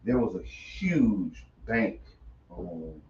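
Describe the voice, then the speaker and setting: A man's voice: fairly low pitch, sing-song, drawn-out words, darkish tone, distant mic, slight background noise. A man co-hosting a casual morning livestream, joking and playful, often stammering and repeating words. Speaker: morning show co-host. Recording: dull, roomy, from off the mic.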